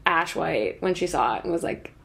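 A young adult woman co-hosting a podcast in casual chat, telling stories in an animated way and laughing often. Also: low voice, moderate pace, creaky. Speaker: podcast co-host.

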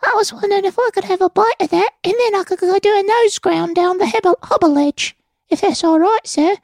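Meek little boy beggar, British-sounding, very high, gravelly, dry close mic. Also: brisk, no echo. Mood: pleading. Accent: British-sounding put-on. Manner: meek, pleading, asks politely again and again. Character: hungry little boy skateboarder, polite and begging.

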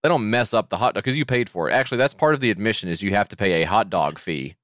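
A man's voice: fairly low pitch, racing, a bit bright, no room sound, studio quality. A man co-hosting a casual podcast, joking sarcastically and swearing freely as he reads out listener emails. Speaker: podcast co-host.

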